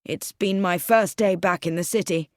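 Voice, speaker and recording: A woman's voice: lowish voice, moderate pace, no echo, clean studio sound, lightly acted. A woman reading the lines of an uneasy middle-aged businessman in an audiobook. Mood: guarded. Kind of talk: audiobook character voice.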